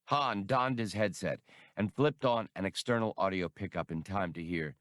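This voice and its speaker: A man narrating an audiobook in a measured storytelling manner. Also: sits low, a bit bright, dry recording, clean studio sound. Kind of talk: scripted narration.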